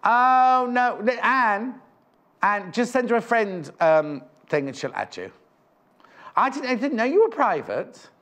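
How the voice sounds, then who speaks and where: A man's voice: extremely high pitch, sing-song, a little slow, a bit bright. A man presenting live on a shopping channel, chatting and rambling between prices and correcting himself as he goes. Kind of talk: live TV selling chat. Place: TV studio.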